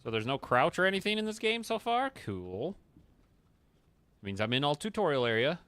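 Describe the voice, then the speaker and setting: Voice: mid-range voice, sing-song, moderate pace, a bit bright, dry recording. A gaming streamer commenting on a horror game, jumpy and chatty, talking back to the characters and dropping to a whisper when tense. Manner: drops to a whisper in tense moments. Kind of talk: horror let's play commentary.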